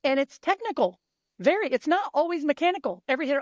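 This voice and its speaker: A woman's voice: high-pitched, animated, fast talker, no room sound, lo-fi sound. A middle-aged woman coach talking in a casual interview, emphatic and blunt, swearing freely. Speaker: mental performance coach.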